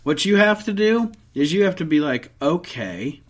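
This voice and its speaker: A man's voice: high-pitched, normal speed. A man co-hosting a podcast in casual chat, ranting and swearing freely, often restarting sentences and joking at his own expense. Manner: many restarts and trailing off. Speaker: podcast co-host.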